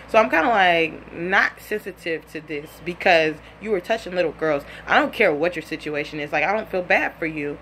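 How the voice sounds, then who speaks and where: Talking at a normal speed with hardly any pauses, this twenty-something woman has a lowish voice over slight background noise. She tells a personal story bluntly and casually, swearing and animatedly acting out quotes.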